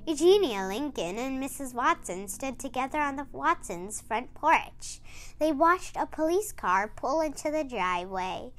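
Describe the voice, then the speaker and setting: A woman reading a children's picture book aloud in slow, expressive storytelling. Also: high voice.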